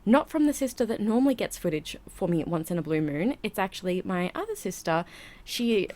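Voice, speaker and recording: A woman's voice: mid-range voice, very animated, a little fast, darkish tone. Breathless, chatty woman. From Australia. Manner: chatty, rambling, giggly. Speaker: vlogger. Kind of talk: casual voiceover narration. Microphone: home voiceover mic.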